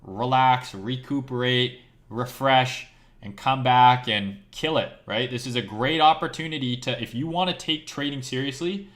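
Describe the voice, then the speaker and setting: A hoarse man rants bluntly on a live stream, his voice worn from talking for hours. He talks to his viewers as a crypto trader in a casual, profane way and keeps checking in with "right?". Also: mid-range voice, normal speed, fairly bright tone. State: losing his voice.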